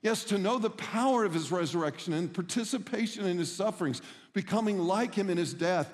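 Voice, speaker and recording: A man's voice: high-pitched, expressive, fairly quick, long reverb tail. A middle-aged man preaching a sermon as a pastor, telling stories in an earnest, emphatic way.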